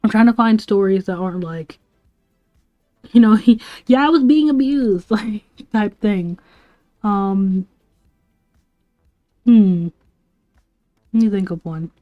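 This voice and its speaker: A woman's voice: medium pitch, fairly even intonation, slow, pauses often, dull audio, faint music behind. A young woman livestreaming, rambling through school stories with laughs and lots of "like" and "bro". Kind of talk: casual storytelling to a live chat.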